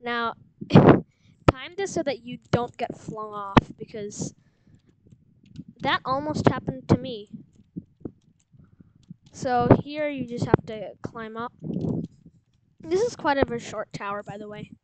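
Slow, rambling woman over loud noise. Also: on the high side, expressive. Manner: rambling, unsure, many fillers. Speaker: game guide host. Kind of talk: casual gameplay walkthrough. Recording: loud background noise with clicks.

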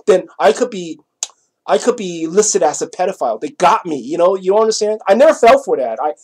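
A man's voice: high voice, animated, brisk. A man telling a personal story in a casual monologue, rambling and repeating himself, with many "you know" asides. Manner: swings between loud bursts and quiet asides.

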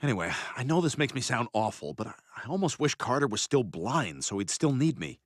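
A scheming, self-pitying freeloader wheedles and stammers in a mid-pitched, lively voice. The recording is dry and close. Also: male voice, fairly quick, dry recording.

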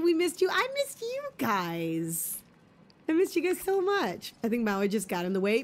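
A woman streaming a video game live, gushing and giggling as she chats with her viewers. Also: on the high side. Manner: bubbly, gushing and giggly, talking to chat. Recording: faint music behind.

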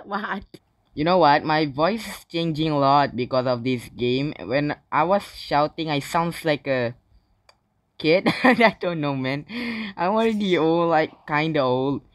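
A man giving live gaming commentary in non-native English, bursting into yells and swearing between calmer remarks. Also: a little high, measured pace, no echo, studio quality. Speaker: gaming channel host.

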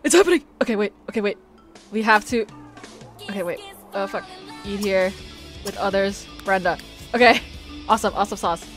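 A woman giving excitable, foul-mouthed commentary on a life-sim game, squealing and shouting at what happens. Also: mid-range voice, fairly quick, long pauses, faint music behind. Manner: excitable, swears a lot, squeals and shouts in bursts. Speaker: gamer.

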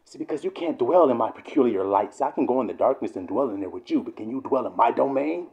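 A man preaching a fiery, profane sermon, swearing often and sometimes shouting. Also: medium pitch, lively intonation, quick pace, creaky, few pauses.

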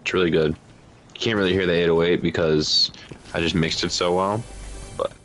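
A man's voice: low-pitched, steady tone, brisk, fairly bright tone. A man in casual joking chat with a friend, slipping into silly voices.

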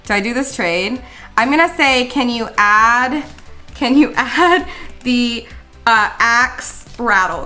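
Excitable girl gamer narrating her game, high bright voice, soft music behind. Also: slow. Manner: excitable, frequent gasps and exclamations, addresses viewers. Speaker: gaming channel host. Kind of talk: live commentary over gameplay.

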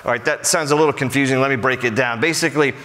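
A man preaching a verse-by-verse sermon in a large church, animated and turning scripture into casual talk. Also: medium pitch, very fast, long reverb tail, low-quality recording. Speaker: pastor.

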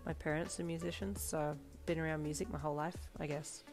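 A woman voicing a quiet, apathetic teenage girl who speaks softly and hesitantly. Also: deep voice, fairly even intonation, fairly quick, soft background music. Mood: shy. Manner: soft, hesitant, casual.

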